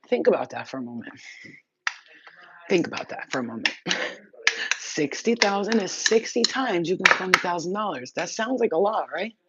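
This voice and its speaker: A woman chatting casually on a livestream, rambling, swearing freely and laughing often. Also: low-pitched. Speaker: livestream host. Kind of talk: casual live-stream chat. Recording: muffled lo-fi audio with loud background noise.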